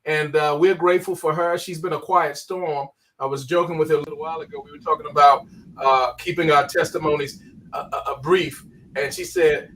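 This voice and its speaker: A man's voice: a little high, animated, normal speed, gravelly, a bit bright. A man hosting a group call, encouraging speakers and reading out comments. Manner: encouraging, interjects short affirmations. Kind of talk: affirming call host. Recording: distant mic with faint noise.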